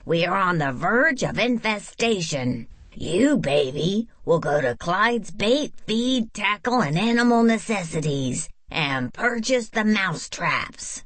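A woman's voice: medium pitch, sing-song, takes it slowly, hardly any pauses, a bit bright, dry recording, voice pushed up, exaggerated voice. A woman reader voicing a bossy, strict sister who speaks in clipped, commanding orders. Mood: stern.

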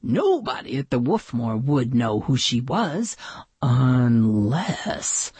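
A woman narrating a children's picture book aloud with gentle, expressive storytelling. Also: very deep voice, slow pace, slightly rough, dry recording.

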